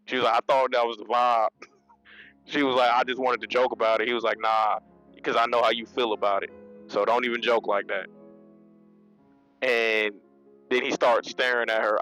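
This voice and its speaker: Casual male reviewer, mid-pitched, dry close sound with faint music under him, slangy and quick to laugh. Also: a bit bright, no room sound, rough recording. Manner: loose and conversational, laughs often, many restarts and slang. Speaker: manga reviewer. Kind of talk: casual spoken review, retelling scenes.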